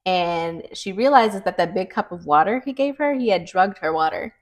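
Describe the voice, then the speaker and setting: A woman's voice: lowish voice, moderate pace. A young woman co-hosting a podcast, chatting animatedly as she retells a thriller's plot. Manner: chatty, animated storyteller, many "like" fillers. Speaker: podcast co-host. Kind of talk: casual book recap chat.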